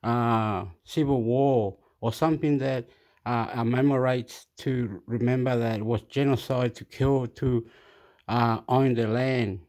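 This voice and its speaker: A man's voice: medium pitch, fairly even intonation, measured pace, darkish tone. A man holding a phone and rambling in a casual monologue, losing his train of thought and repeating phrases. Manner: scattered, self-interrupting, repeats phrases. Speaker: vlogger reacting to news. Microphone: phone held in hand.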